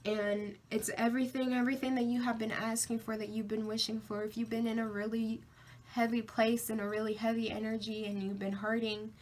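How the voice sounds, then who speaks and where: A woman's voice: on the high side, little pitch movement, fairly quick, darkish tone. Emphatic woman giving a tarot reading. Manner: emphatic, repetitive affirmations, casual swearing. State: tearful, emotional. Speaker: tarot reader. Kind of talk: pick-a-card tarot reading.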